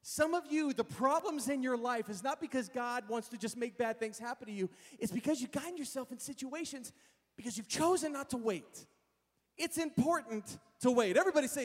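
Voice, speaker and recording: High-voiced male preacher in reverberant hall. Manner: animated, acts out voices, addresses the congregation. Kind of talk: sermon with personal storytelling.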